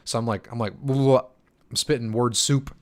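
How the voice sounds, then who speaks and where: His voice is medium in pitch, steady in tone and fairly quick. The tired young crypto host, in his twenties and short on sleep, fields chat questions on a casual livestream, rambling loosely with lots of fillers and tripping restarts.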